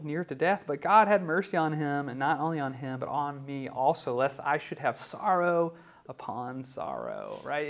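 A man preaching in a conversational teaching style, often pausing with "um" and asking "right?". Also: fairly high pitch. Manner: conversational, many ums and rhetorical "right?". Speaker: pastor teaching a class. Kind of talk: teaching sermon.

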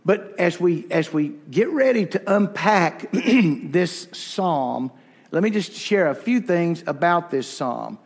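A man speaks slowly and expressively in a fairly high pitch, his sermon filling a big-sounding church room. Folksy and quick to laugh at himself, he shares personal anecdotes with plenty of humor.

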